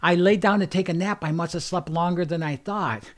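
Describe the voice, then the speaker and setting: A man's voice: high-pitched, brisk, natural voice. A cheerful elderly mother, as her son quotes her in a slightly raised voice. She sounds light and chuckling, laughing off a late-night phone call. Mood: amused.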